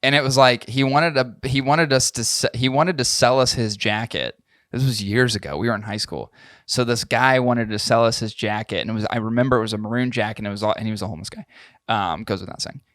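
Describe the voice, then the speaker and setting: A man's voice: mid-range voice, quick pace, a bit bright, no echo, studio quality. A young adult man co-hosting a podcast in casual chat, crude and joking, often laughing as he tells stories. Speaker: podcast co-host.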